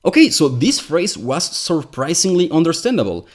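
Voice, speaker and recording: A man's voice: on the high side, sing-song, moderate pace, few pauses. A man whose first language is Spanish, hosting a scripted commentary with a wry, exasperated manner. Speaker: commentary video host.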